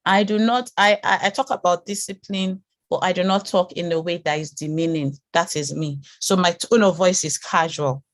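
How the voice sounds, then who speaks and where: A woman with a low voice leads a branding class, firing off repeated questions and encouraging her students. The sound is dry and close, with no room around it. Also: fairly even intonation, moderate pace, hardly any pauses, no room sound. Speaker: branding course instructor. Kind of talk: live online class teaching.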